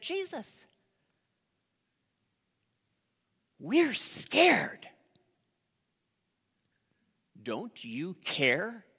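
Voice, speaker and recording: A pastor preaching a sermon, telling a story with dramatic pauses and rising emphasis. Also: mid-range voice, bright, forceful tone. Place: church sanctuary. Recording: long reverb of a large hall.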